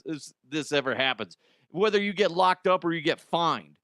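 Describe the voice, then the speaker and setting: A middle-aged man hosts a comedy news podcast, riffing crudely, laughing at his own jokes, and dropping into silly voices in a casual monologue. His voice is a little high, expressive and a bit bright at normal speed, with clean studio sound and no echo.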